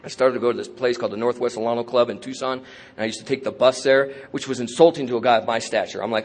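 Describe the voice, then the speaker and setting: A man's voice: mid-range voice, fairly even intonation, fast talker, a little hiss or hum. A man speaking at a recovery convention, telling his story candidly with streetwise slang and self-mocking humor. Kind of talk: personal recovery talk.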